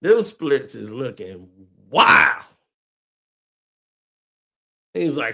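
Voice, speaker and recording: A man's voice: mid-range voice, wildly swooping pitch, drawn-out words, gravelly, long pauses, pushed and bright. A man streaming casual reaction commentary, mocking what he reads, swearing freely and laughing often.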